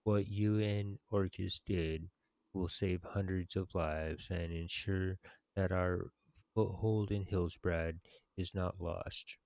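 A man voicing a stern, proud orc warlord in a game quest, declaiming solemnly in halting phrases. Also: low voice, fairly even intonation, gravelly, darkish tone, no echo, exaggerated voice.

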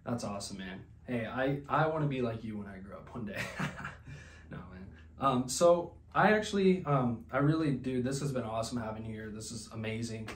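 A man's voice: mid-range voice, normal speed, echoey room, slight background noise. A man hosting a comedy podcast who rambles and stammers, with lots of ums. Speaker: podcast host.

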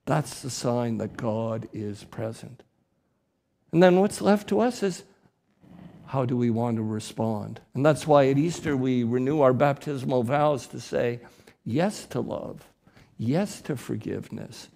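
A man, a priest preaching a sermon in church, slow and deliberate with emphatic rises. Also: medium pitch, expressive, creaky, a little mellow.

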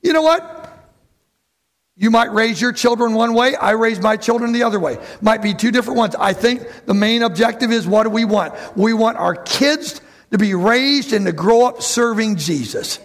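A man preaching a lively sermon to his church, who acts out the voices of bible figures and calls out to the congregation. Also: sits high, normal speed. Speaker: pastor.

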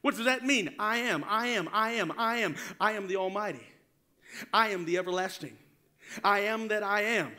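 A man's voice: high voice, moderate pace, pushed and bright. A man preaching a sermon as pastor, fervent, drawing call-and-response from the congregation.

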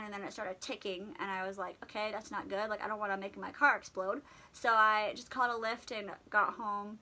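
A young woman vlogger chatting through a casual storytime, animated and full of fillers. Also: a little high, rough recording.

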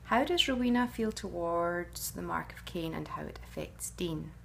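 A woman's voice: lowish voice, lively intonation, normal speed, vocal fry, a bit bright, slight background noise. A middle-aged woman, an actress answering fan questions in a casual, chatty way, musing and often hesitating.

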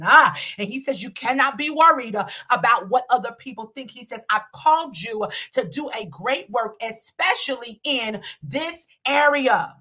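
A woman prophesying over someone, earnestly relaying what God says, with frequent halting fillers. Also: high-pitched, pushed and bright. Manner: earnest, relays God's words, stumbles on fillers. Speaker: prophetic minister.

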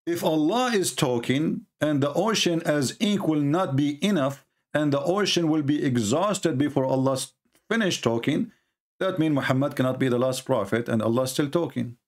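On a livestream, a male host with a fairly high voice speaks at a moderate pace. He mocks religious debate in a scornful tone, and his English grammar is non-native.

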